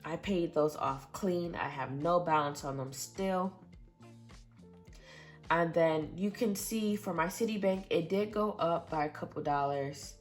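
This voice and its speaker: A woman's voice: lowish voice, unhurried, faint music behind. A young adult woman talking casually and earnestly to her viewers, reading out exact figures. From Michigan, USA. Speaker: budgeting vlogger. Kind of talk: casual budget update.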